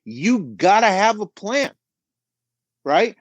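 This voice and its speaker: Man, middle-aged, emphatic coaching tone, lively swooping pitch, fairly high voice, dry close sound. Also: takes it slowly, dry recording. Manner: emphatic, coaching, frequent "right?". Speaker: business coach guest. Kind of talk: podcast advice talk.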